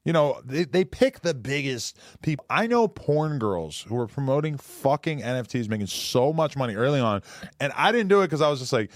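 A man's voice: medium pitch, lively intonation, normal speed, no room sound, clean studio sound. A man co-hosting a podcast in casual chat, rambling bluntly and swearing freely. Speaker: podcast co-host.

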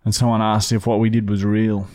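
A man's voice: on the low side, little pitch movement, brisk, dark tone. A young man with an Australian accent, co-hosting a podcast and teasing his friend in casual, sweary banter. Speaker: podcast co-host. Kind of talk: casual chat.

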